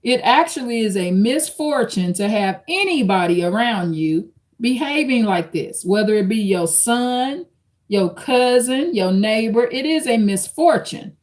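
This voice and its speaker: A woman's voice: a little high, expressive, a little slow, a little mellow. Woman reading aloud and commenting on a live stream. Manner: conversational, addresses viewers as y'all, reads quotes aloud. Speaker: channel host reacting to an article.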